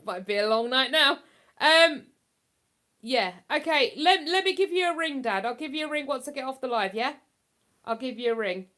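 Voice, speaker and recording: A woman's voice: high-pitched, animated, moderate pace, pushed and bright. A woman hosting a casual livestream from home, chatting in a rambling way and laughing easily. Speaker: livestream host. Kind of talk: casual live chat.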